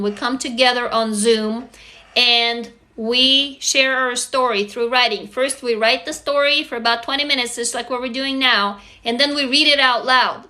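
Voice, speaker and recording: A woman's voice: fairly high pitch, sharp tone. A woman in her forties hosting a casual live stream, talking frankly and emphatically, swearing freely and reading viewer comments aloud. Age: 40s. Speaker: live stream host leading a writing group.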